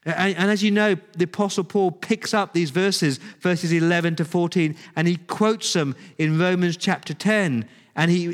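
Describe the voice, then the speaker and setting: Aussie pastor preaching, earnest and pleading, bit high voice, big echoey church hall. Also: male voice. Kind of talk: sermon. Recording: long hall reverb.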